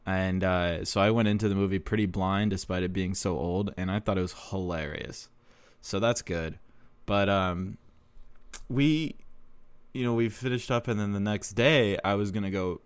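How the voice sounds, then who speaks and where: A young man with a low voice tells a casual podcast story. He rambles, swears freely and laughs at himself, recorded dry and close with no room sound. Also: normal speed, smooth, no room sound. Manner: rambling, profane, self-deprecating, laughs often. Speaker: podcast host.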